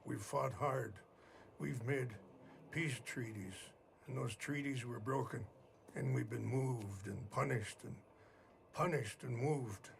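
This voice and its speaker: A solemn, gravelly old chief. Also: male voice, mid-range voice, a little hiss or hum. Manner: slow, solemn and measured. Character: older tribal chief, grave and weary. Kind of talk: video game cutscene.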